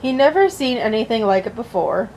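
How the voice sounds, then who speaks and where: A woman's voice: a little high, sing-song, fairly quick, darkish tone, a little hiss or hum, rough recording. A woman reading a storybook aloud and voicing a hungry, curious young male fawn. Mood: wondering.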